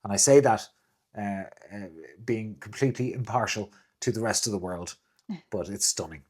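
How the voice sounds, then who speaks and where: A man's voice: fairly low pitch, moderate pace, a little mellow, breathy edge. A young man with an Irish accent chatting casually on a couple's vlog, joking and restarting his sentences. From Ireland. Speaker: vlog guest, the host's boyfriend. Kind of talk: casual chat.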